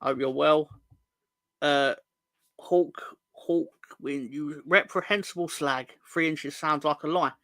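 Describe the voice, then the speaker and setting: A man's voice: fairly high pitch, fairly even intonation, takes it slowly, fairly bright tone, dry recording. A young man hosting a fan channel live stream, bantering with the chat in a rambling, jokey, sweary way.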